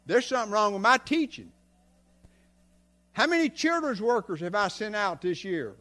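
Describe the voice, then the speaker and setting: Older preacher, high and folksy. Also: male voice, expressive, moderate pace. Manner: folksy, tells stories, swings from soft to loud. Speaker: guest preacher. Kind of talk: sermon. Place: church sanctuary.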